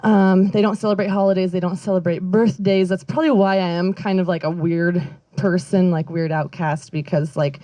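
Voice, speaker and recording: A woman's voice: lowish voice, steady tone, normal speed, dark tone, no echo. Woman stand-up comic, rambling self-deprecating set, giggles through it, dry close sound. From Northern California. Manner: rambling, self-deprecating, lots of fillers and laughs. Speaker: stand-up comedian. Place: outdoor backyard comedy show.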